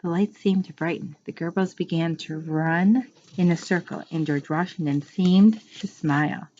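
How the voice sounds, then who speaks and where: A woman reading a children's book aloud to a class like a teacher, unhurried, pausing to explain words and correcting her slips. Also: on the low side, dark tone. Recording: muffled lo-fi recording.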